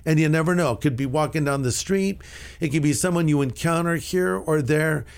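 Middle-aged male pastor, fairly high voice, animated storyteller who voices the people in his anecdotes. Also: fairly quick, creaky. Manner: lively anecdotal storyteller, acts out quoted dialogue. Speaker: pastor and author. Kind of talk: storytelling in a radio interview.

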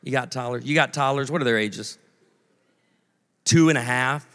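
A man's voice: mid-range voice, normal speed, fairly bright tone. A man in his forties preaching a sermon, telling stories with comic voices and asides to the audience. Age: 40s. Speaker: pastor. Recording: long hall reverb.

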